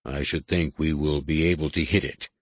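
A man's voice: extremely low pitch, steady tone, normal speed, breathy edge, no echo. A man reading the part of a proud, prickly young warrior who speaks curtly and formally.

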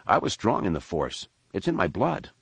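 A man's voice: low-pitched, wildly swooping pitch, moderate pace, gravelly, husky, no room sound, full character voice. A man voicing a sixteen-year-old apprentice who questions his elders tentatively and at times sarcastically. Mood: earnest. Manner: tentative, challenging, a bit sarcastic.

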